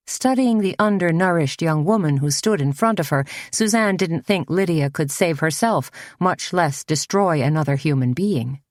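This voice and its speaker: A woman narrating a novel in measured, even storytelling. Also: sits low, no room sound, studio quality. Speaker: audiobook narrator. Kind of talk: scripted narration.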